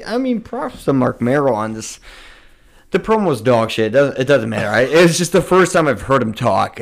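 A man's voice: mid-range voice, creaky. A man co-hosting a casual podcast, rambling and laughing as he chats. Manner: rambling, laughs often, sings snippets. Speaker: podcast co-host.

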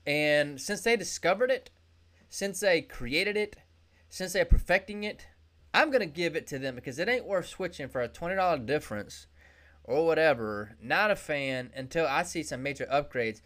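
This is an excitable host talking alone on a business podcast, full of jokes and tangents. The host speaks straight to the listener in a salesy tone and sometimes whoops out loud. The voice sits at a medium pitch. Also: normal speed. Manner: excitable, joking, rambling, with sudden whoops. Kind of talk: solo business podcast monologue.

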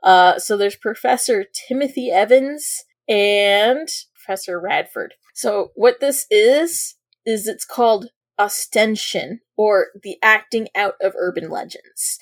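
A woman's voice: medium pitch, takes it slowly, few pauses, no echo. A woman hosting a casual podcast, chatting and reading news reports and quotes aloud. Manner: conversational, reads quotes in a put-on official voice. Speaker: podcast host.

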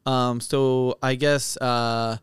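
A man's voice: mid-range voice, flat delivery, very slow, clear, resonant tone, no room sound, clean studio sound. A young man co-hosting a podcast, chatting casually and thinking aloud with lots of fillers. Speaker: podcast co-host.

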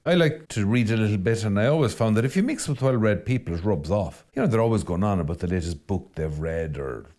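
Animated Irish priest, teasing and exhorting. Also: male voice, on the low side, quick pace. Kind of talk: podcast talk.

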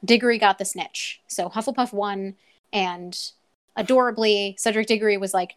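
A woman of ordinary, middle pitch talks easily through a casual book discussion. She co-hosts with a relaxed, chatty manner, mixing quick asides with short passages read aloud. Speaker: podcast co-host.

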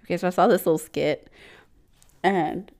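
A woman's voice: fairly low pitch, steady tone, moderate pace, a little mellow. Casual co-host, woman, blunt, laughs a lot, curses easily. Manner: blunt, giggly, swears freely. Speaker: podcast co-host. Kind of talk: casual chat.

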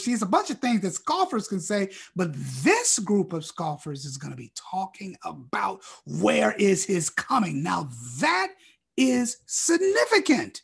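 A preacher with a husky, breathy edge to his voice. He reads scripture slowly and deliberately, his pitch rising and falling widely as he swings from loud declarations down to hushed near-whispers. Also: big pitch swings. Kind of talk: sermon with scripture reading.

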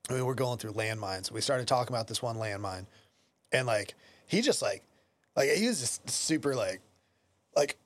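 A man's voice: mid-range voice, normal speed, pauses often. Laid-back podcast host, man. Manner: relaxed, hesitant, laughs often. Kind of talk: casual chat.

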